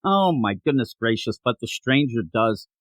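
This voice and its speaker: A man's voice: medium pitch, normal speed, dry recording, rough recording. A man co-hosting a comic book podcast, chatting casually and joking with lots of laughter. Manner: animated, jokey, laughs often. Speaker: podcast co-host. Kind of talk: casual comic review chat.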